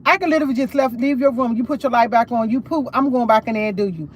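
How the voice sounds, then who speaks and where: A woman's voice: on the high side, fast talker, a little hiss or hum. A woman livestreaming, retelling a conversation in a casual, emphatic way. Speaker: livestream host.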